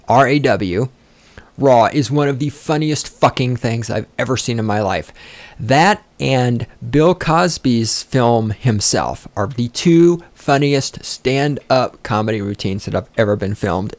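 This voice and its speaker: Recorded dry, this male podcast host speaks at a medium pitch while going off on a loose, profane rant laced with sarcasm, wandering onto tangents as he goes.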